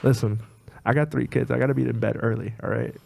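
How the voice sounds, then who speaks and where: A male co-host with a gravelly, creaky edge to his mid-pitched voice. He talks in an animated, joking way and is quick to laugh, recorded in a podcast studio. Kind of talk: casual podcast chat.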